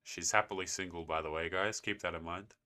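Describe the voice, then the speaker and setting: A man's voice: sits low, steady tone, a little fast, pushed and bright. A young man hosting a response video, talking in a sarcastic, lecturing way. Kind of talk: casual commentary.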